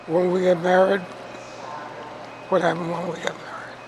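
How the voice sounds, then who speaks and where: A man's voice: high voice, level tone, normal speed, crowd noise, poor audio. A man in his eighties with memory loss, asking puzzled questions as a documentary subject. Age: 80s. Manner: confused, questioning. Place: nursing home.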